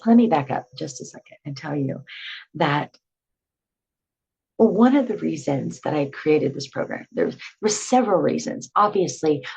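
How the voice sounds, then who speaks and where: A middle-aged woman telling her own story to camera in a chatty, animated way, full of filler words. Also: low voice, breathy edge, low-quality recording.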